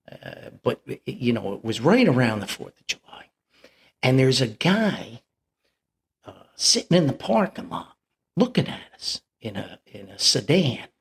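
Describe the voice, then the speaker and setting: An older man from New tells a rambling family anecdote, chuckling as he goes. His voice is gravelly and sits mid-range. He swings up and down with lively, animated pitch. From New Jersey. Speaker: podcast host and storyteller. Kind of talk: anecdotal storytelling.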